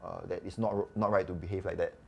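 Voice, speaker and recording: A low voice with vocal fry and a breathy edge belongs to this quick-paced doctor guest with a Singaporean English accent. In casual podcast storytelling, he chats animatedly and acts out the dialogue.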